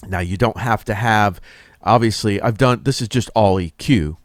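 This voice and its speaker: A man, a mixing engineer, explaining his process in a relaxed, casual tutorial, correcting himself as he works. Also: fairly low pitch, moderate pace, no room sound, studio quality. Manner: relaxed, explains while working, with fillers and self-corrections.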